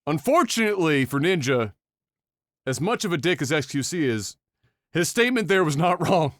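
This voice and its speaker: Male podcast host, lively swearing banter, dry studio sound. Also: on the high side, normal speed, no echo. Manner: animated, swears freely, breaks into shouted bits. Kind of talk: casual podcast chat.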